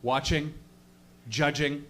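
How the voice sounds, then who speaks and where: Speaking slowly with a high-leaning, pushed and bright voice, a young man does a rambling, profane stand-up set in front of a live audience, cracking himself up often. Intonation stays fairly even, and there's a little hiss or hum.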